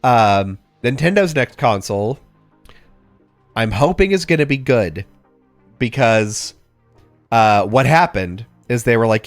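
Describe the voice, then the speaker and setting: A man's voice: medium pitch, lively intonation, slow pace, pauses often, dry recording, soft background music. A man co-hosting a podcast in casual chat, joking and riffing with silly voices and sound effects. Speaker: podcast co-host.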